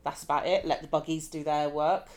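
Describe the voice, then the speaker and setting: A woman with a London accent, co-hosting a podcast in casual chat, giggly and quick to swear. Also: deep voice. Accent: London English. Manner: giggly, swears freely, lively. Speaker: podcast co-host.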